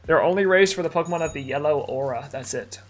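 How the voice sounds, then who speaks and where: A man's voice: a little high, fast. A young man live-streaming a game, tired and yawning, chatting casually and answering chat while he plays.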